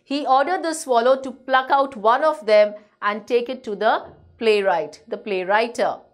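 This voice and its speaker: A woman's voice: a little high, a little slow. A young adult woman teacher who reads a story and explains each line in simple, chatty words. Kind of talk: reading a story and explaining it to a class.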